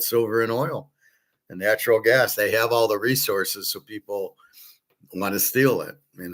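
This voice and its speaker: Blunt, rambling man with a low voice. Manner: blunt and profane, with frequent fillers and restarts; acts out both sides of imagined conversations. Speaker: sports handicapper and commentator. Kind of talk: rambling casual monologue.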